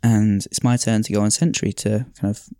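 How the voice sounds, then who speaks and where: A man's voice: on the low side, little pitch movement, moderate pace, warm tone, dry recording, studio quality. A man hosting a podcast, telling a story in a reflective, casual way with frequent sighs and fillers. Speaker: podcast host. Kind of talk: casual storytelling and reading aloud.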